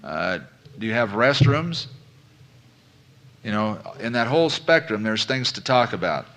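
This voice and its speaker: On the low side and very animated, this man lectures at a measured pace with a fairly bright tone. His live business seminar is folksy and conversational: he calls listeners "folks," asks them questions, and repeats phrases for emphasis.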